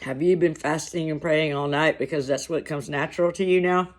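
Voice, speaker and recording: A man vlogging to camera over lunch, talking in a slow, reflective, halting way with long pauses. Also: fairly high pitch, fairly even intonation. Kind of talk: casual talk to camera while eating lunch.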